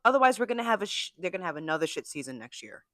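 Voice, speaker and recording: A blunt, foul-mouthed sports podcast co-host with a bright, forceful voice. The sound is close and dry, with no room around it. The talk is loose and opinionated, and it slips into mock quotes of the players. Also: mid-range voice, sing-song, very fast, no echo. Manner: blunt and profane, acts out players' imagined thoughts. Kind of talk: casual sports chat.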